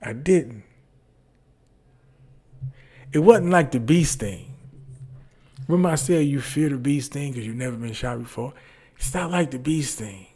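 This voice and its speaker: Animated, profane man telling a story. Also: mid-range voice, a little slow, long pauses, slightly rough. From Detroit. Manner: animated, profane, repeats phrases for punch. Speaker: comedian. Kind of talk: casual storytelling monologue.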